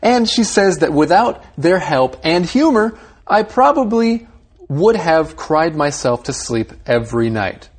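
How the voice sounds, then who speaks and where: A man's voice: on the high side, sing-song, a little slow, husky. Man co-hosting an English lesson. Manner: explanatory, reads quotes aloud. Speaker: radio English lesson co-host. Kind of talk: explaining a reading passage.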